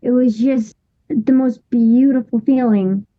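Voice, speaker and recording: Woman, thirties, interview guest, high voice, slow unhurried pace, halting with restarts, dull lo-fi sound. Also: fairly even intonation. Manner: halting, with many restarts and fillers. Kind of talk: personal storytelling.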